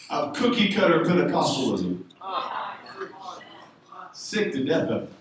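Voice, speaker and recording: A man preaching a sermon, telling a story and building to loud shouted exhortation. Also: fairly high pitch, very animated, measured pace, long pauses, a little hiss or hum. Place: church sanctuary. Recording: echoey room, speaker far from the mic.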